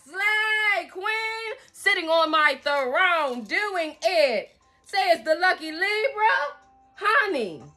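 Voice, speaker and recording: A woman's voice: extremely high pitch, sharp tone. A woman giving a tarot reading in a sassy, emphatic way, stretching her stresses and calling the listener pet names. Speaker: tarot reader. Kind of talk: tarot reading channeling messages.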